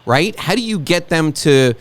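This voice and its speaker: A middle-aged American man hosting an interview, chatty and openly emotional, talking in quick asides with frequent restarts. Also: a little high, lively intonation, no room sound. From United States. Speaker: podcast host and interviewer. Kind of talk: casual interview conversation.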